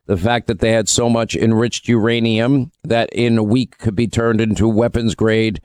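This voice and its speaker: A man's voice: lowish voice, flat delivery, normal speed, darkish tone, clear, resonant tone, no room sound. A man hosting a talk radio show, giving emphatic, opinionated commentary and taking calls.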